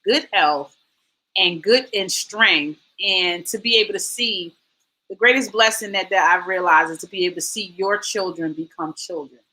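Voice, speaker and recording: A woman in her forties hosting a casual chat, telling lively stories and acting out quotes. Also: mid-range voice, normal speed, rough recording. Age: 40s. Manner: animated storytelling, acts out quotes. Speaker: host.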